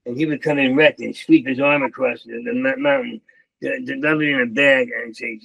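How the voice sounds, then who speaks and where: A man's voice: mid-range voice, fairly even intonation, moderate pace, vocal fry, fairly bright tone, slightly rough, no echo, low-quality recording. An older man, a comedian, telling stories in an interview with heavy stammering and repeated words. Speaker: comedian guest. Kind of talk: storytelling interview.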